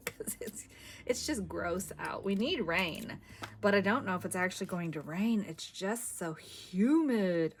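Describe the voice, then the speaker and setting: A woman's voice: medium pitch, huge pitch swings, unhurried, slight background noise. A middle-aged woman hosting a craft video, chatting casually and thinking aloud as she works. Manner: chatty, giggly, thinks aloud while working. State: a bit winded.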